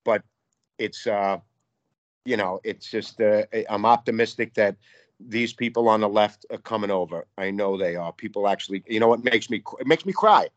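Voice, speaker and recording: A man's voice: on the low side, moderate pace, no echo, muffled recording. A man from New York, a guest artist, talking in a casual interview in a profane, fired-up, rambling way.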